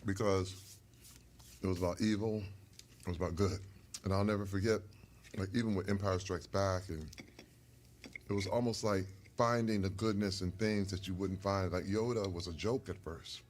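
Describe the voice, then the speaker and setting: A man telling stories from his life in casual conversation over a meal, animated and earnest, sometimes getting emotional. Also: sits low, moderate pace, slight background noise. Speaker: guest.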